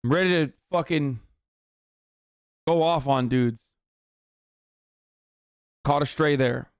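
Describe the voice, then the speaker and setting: A man's voice: medium pitch, slow, clean tone, no echo, studio quality. Profane, heated streamer man. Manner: heated, profane ranting at chat. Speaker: livestreamer reacting to a video. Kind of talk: casual reaction stream.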